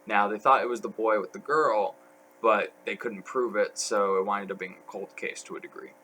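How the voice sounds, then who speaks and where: A man's voice: lowish voice, fairly even intonation, moderate pace, pushed and bright, slight background noise, rough recording. A young man talking as a podcast guest, telling stories in a rambling way full of fillers. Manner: rambling, filler-heavy storytelling. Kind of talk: casual podcast chat.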